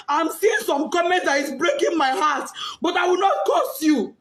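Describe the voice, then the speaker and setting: A grieving Nigerian mother giving a tearful, impassioned testimony, often breaking into shouts and sobs. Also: high voice, lively intonation, brisk, few pauses. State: crying, distraught. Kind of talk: emotional testimony.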